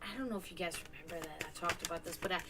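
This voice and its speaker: A woman hosting a home livestream, chatting casually and rambling, who laughs often, swears, and slips into high sing-song baby talk with her cats. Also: racing, poor audio. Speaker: esoteric stream host. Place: home, indoors.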